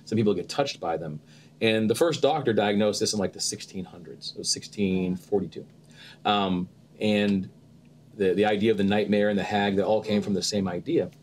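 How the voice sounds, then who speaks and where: Male actor guest, lively storyteller, lowish voice, light background hiss. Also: moderate pace. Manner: animated storyteller, acts out quotes with laughter. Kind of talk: casual interview chat.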